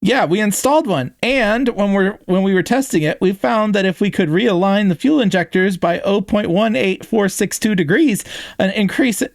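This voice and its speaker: A man's voice: sits high, moderate pace, dry recording, clean studio sound, voice pushed up. A man voicing an enthusiastic, nerdy male alien mechanic who rambles through technical details.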